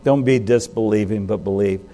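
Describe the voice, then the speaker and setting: A male pastor preaching a sermon in a conversational way. He asks his listeners questions and makes sudden jumps in pitch and loudness for emphasis. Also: moderate pace, a little hiss or hum.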